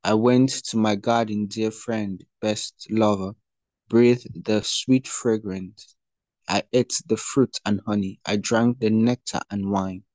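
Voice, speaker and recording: An adoring young male lover, spoken low and unhurried by a man reading scripture aloud. The words come tenderly, with a dry, close sound. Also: steady tone, a little mellow, no room sound.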